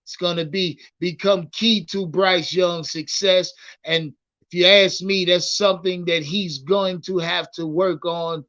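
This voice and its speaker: High, bright-voiced man streaming sports talk. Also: unhurried, highs cut off. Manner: animated, profane, repeats words when starting thoughts. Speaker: livestream sports host. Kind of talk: casual livestream commentary.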